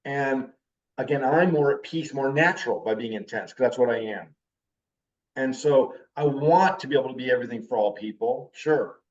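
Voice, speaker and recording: A man's voice: mid-range voice, moderate pace, far from the mic, lo-fi sound. A man in his fifties giving a spoken class talk as a teacher, with an intense way of talking. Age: 50s. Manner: intense, animated talker.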